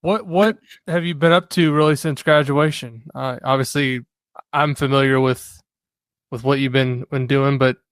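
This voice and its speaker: A man hosting a sports podcast, talking casually and often filling pauses with "uh". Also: medium pitch, fairly even intonation, no room sound. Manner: filler-heavy, conversational with frequent "uh". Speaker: podcast host.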